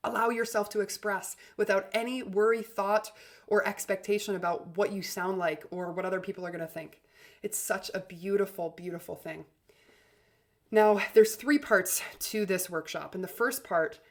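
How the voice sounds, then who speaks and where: Upbeat chatty woman podcast host. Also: lowish voice. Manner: upbeat, chatty, heavy use of "like" and "literally". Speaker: podcast host and communication coach. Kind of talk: motivational podcast monologue.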